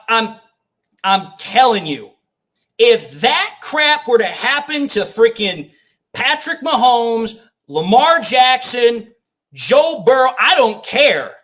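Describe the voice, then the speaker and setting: A man's voice: very high-pitched, big pitch swings, slow, sharp tone. A man calling a football game live for a fan watch party, ranting and swearing as he repeats his complaints. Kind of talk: live play-by-play fan commentary.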